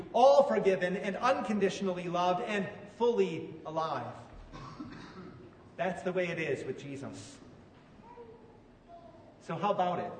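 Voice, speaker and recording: High-voiced preacher in an echoey hall. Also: male voice, darkish tone, slight background noise. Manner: conversational preaching with rhetorical questions. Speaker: pastor. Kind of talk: sermon. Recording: echoey hall from far off, faint ambience.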